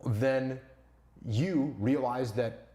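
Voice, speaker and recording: A man holds forth as an interview guest, hitting his points with punchy repetition and rhetorical questions. His voice sits at a mid pitch and carries a roomy echo around it. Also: drawn-out words, warm tone. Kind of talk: emphatic interview storytelling.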